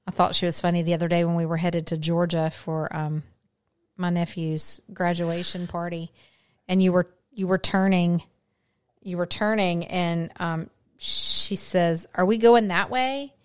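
A woman's voice: on the low side, level tone, a little slow, clean tone, dry recording, clean studio sound. A middle-aged woman, chatting casually as a podcast co-host and telling family stories. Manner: storytelling, chatty, drops to near-whisper asides. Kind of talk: casual chat.

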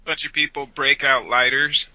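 A man's voice: mid-range voice, fairly even intonation, moderate pace, sharp tone, no echo. A man co-hosting a casual podcast, talking in a rambling way with many restarts. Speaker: podcast co-host. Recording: dry, dull lo-fi audio.

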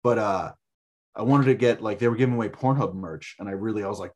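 Husky man telling a rambling story. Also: fairly low pitch, quick pace. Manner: rambling, profane, filler-heavy. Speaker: podcast guest. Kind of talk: casual storytelling.

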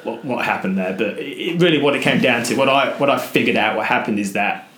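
A man guesting on a podcast, telling an adventure story in an animated way, acting out voices and restarting his sentences. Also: medium pitch, fast talker, echoey room. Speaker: guest, adventurer and motivational speaker.

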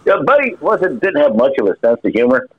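A man's voice: mid-range voice, big pitch swings, a little fast, narrow, tinny audio. A man telling a funny story in casual podcast chat, laughing often and repeating his words as he goes. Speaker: podcast guest.

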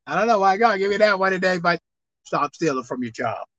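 A woman pastor preaching a sermon, dropping to low asides and rising to loud shouted exhortation, reading scripture slowly and deliberately. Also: expressive, dry recording. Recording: slightly dull, dry recording.

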